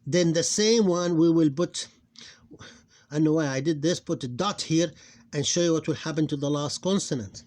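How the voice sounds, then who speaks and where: Guy teaching phonics, lots of uh, drags out the sounds, kinda high voice. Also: darkish tone. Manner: hesitant, many fillers, slows down to sound out words. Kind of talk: explaining a lesson on screen.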